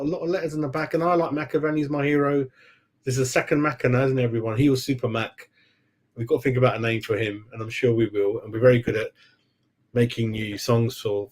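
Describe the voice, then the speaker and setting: Man, football fan host, casual live-stream chat, mid-pitched voice, keeps saying mate, laughs a lot. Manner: chatty, laughs often, calls everyone mate.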